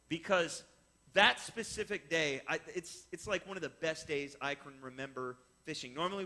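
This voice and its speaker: A man telling a personal fishing story, explaining step by step and acting out the voices of the people in it. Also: a little high. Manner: animated, acts out voices in his story. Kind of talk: personal story told to listeners.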